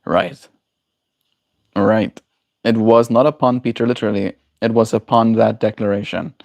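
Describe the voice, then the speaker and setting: A man's voice: lowish voice, steady tone, moderate pace, gravelly, a little mellow. A man streaming live, musing in a casual way and answering his chat's questions. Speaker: daily livestreamer. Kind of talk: casual livestream chat with viewers.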